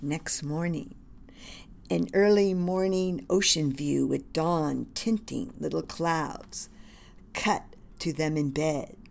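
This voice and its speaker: A woman reading a screenplay aloud, narrating scenes in a reverent, measured manner. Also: low voice, creaky, noisy background.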